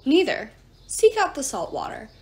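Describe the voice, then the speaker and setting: A woman's voice: sits high, wildly swooping pitch, normal speed, voice pushed up. A woman reading aloud and voicing a flippant, impatient male god who answers questions dismissively.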